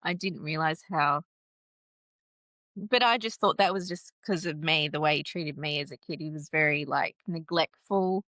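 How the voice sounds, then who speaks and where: A woman recounting a painful personal story in an interview, halting and restarting, with nervous laughs. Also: low-pitched, sharp tone, dry recording. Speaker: guest telling her story.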